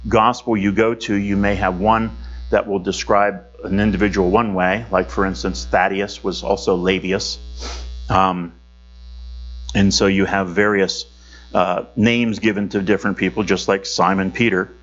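A man's voice: low-pitched, level tone, unhurried, dull audio, soft background music. A man teaching a Bible study lesson in a conversational way, with fillers and self-corrections.

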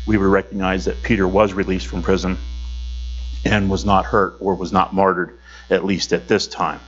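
A man's voice: low voice, level tone, moderate pace, highs cut off, slight background noise. A man teaching a Bible study lesson in a conversational way, with fillers and self-corrections.

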